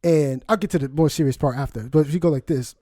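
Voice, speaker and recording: High-voiced animated young man. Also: fast, no echo, clean studio sound. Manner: animated, profane, laughs while telling stories. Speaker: podcast co-host. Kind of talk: casual storytelling chat.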